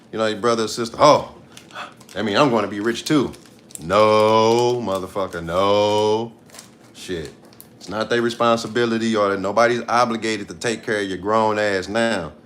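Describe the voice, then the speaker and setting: A man's voice: on the low side, fairly bright tone, slight background noise. Blunt, profane man ranting on a livestream. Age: 30s. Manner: blunt, profane, repeats himself for emphasis. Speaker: live streamer. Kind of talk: casual livestream rant.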